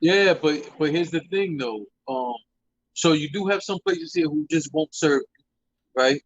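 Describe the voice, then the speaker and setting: A man's voice: on the high side, unhurried, muffled recording. A man in casual chat, speaking bluntly and emphatically, swearing freely.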